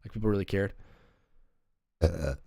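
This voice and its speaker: A man in his thirties hosting a live sports talk show, rambling and animated, calling people "bro.". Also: low-pitched, moderate pace, gravelly, dry recording.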